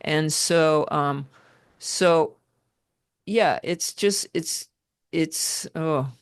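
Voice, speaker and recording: A woman's voice: sits low, very slow, clean tone, no room sound, studio quality. A woman speaking as a guest on a video call, heartfelt and rambling with restarts. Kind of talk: casual conversation.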